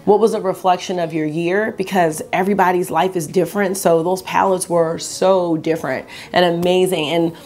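A woman beauty vlogger chatting casually and excitedly to her viewers while doing her makeup. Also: fairly low pitch, normal speed, hardly any pauses, soft background music. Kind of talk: casual makeup tutorial chat.

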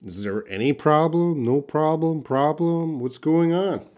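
Reading example sentences aloud during a live online writing class, a man quizzes viewers at an unhurried, patient pace. His pitch leans high, and his tone is on the dark side.

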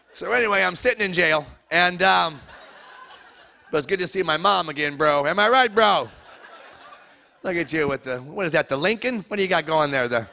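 At a comedy show before a live audience, a male stand-up with a high, bright, expressive voice and vocal fry does crowd work. He is loud, jokes fast, and teases the audience.

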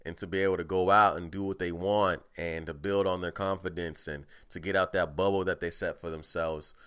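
A man's voice: low voice, steady tone, fairly quick, a bit bright, smooth. A young man from the talking casually and profanely on his own podcast, ranting animatedly. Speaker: podcast host. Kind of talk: casual monologue.

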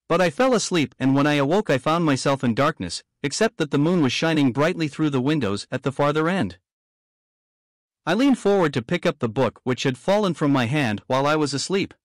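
A man reading a devotional story aloud in measured, earnest first person. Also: fairly high pitch, dry recording, studio quality. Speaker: audiobook reader.

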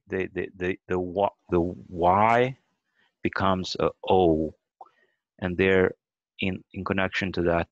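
Deep gravelly man teaching online. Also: no echo. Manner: explains step by step, sounds out words and spells letters. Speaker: language teacher. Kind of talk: online language lesson. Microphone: video call. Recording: dull lo-fi video call audio.

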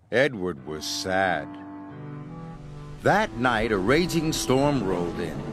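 Slow, expressive man reading a children's story. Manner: expressive, shifting pitch for drama. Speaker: storybook narrator. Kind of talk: read-aloud children's story. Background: music.

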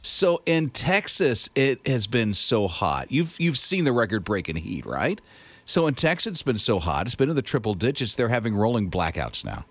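A man's voice: medium pitch, sing-song, moderate pace, fairly bright tone, no echo. A man co-hosts a morning radio show, spinning light stories with easy laughs. His mid-range voice moves up and down a lot. The studio sound is dry and close. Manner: playful storyteller, easy laughs. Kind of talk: casual radio chat. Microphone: studio microphone.

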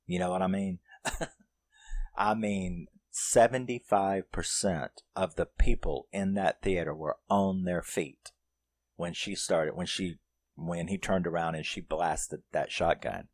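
Man, very low voice, casual film review, profane, animated, dry close sound. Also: slow pace, no echo.

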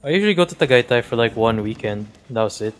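Excitable man gaming. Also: medium pitch, slight background noise. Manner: excitable, swearing, quick to shout. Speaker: gaming channel host. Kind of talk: casual gameplay banter.

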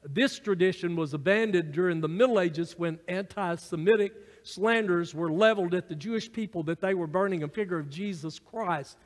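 Hardly pausing, a high-voiced pastor delivers a sermon at normal speed in a large church sanctuary. He teaches his congregation from notes, dropping in the occasional filler and side remark.

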